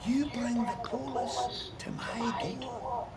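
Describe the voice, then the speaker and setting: A furious Scottish rig boss. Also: male voice, very high voice, flat delivery, slow pace, creaky, darkish tone, slight background noise, full character voice. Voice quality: swearing, bullying. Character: furious foul-mouthed male rig boss, domineering. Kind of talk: video game voice acting.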